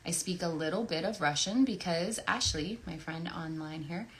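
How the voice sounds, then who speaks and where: A woman voice actress chatting casually and effusively while signing autographs, thinking out loud as she goes. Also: on the low side, moderate pace. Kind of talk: casual livestream Q&A chat.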